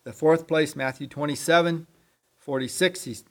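A man giving an unscripted sermon as a lay preacher, talking in a halting, conversational way and often clearing his throat. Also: a little high, fairly even intonation, fairly bright tone.

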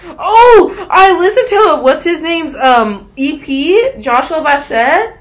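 Young woman from texas, high swoopy voice, laughs a ton and cusses, chatting with her cohost. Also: lively intonation, slow. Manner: giggly, swears freely. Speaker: podcast co-host. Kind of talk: casual chat.

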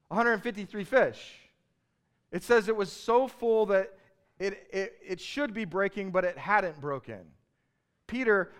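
A man preaching a sermon in a conversational, animated storytelling way. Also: fairly high pitch. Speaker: pastor.

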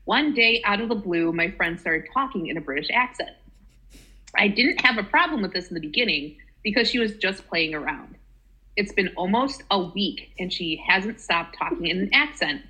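A woman co-hosting a casual podcast chat, talkative and quick to giggle as she reads a story aloud. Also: medium pitch, lively intonation, pushed and bright, low-quality recording. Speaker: podcast co-host.

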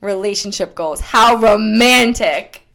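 A woman co-hosting a podcast in casual chat, playful and giggly, a bit tipsy and high as she tells a story. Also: slow, creaky, fairly bright tone. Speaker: podcast co-host.

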